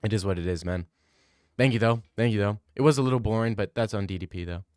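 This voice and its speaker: A man's voice: on the low side, fast, darkish tone, clean tone, dry recording, clean studio sound. A young man streaming, chatting casually and joking about fights while thanking donors. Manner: rambling, joking, many restarts. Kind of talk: casual stream chat reading donations.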